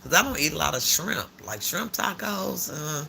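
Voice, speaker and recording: A man's voice: a little high, moderate pace, creaky, a little hiss or hum. An older man hosting a casual morning live stream, chatting and telling stories in a loose, slangy way. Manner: chatty, animated storytelling with frequent laughs and slang.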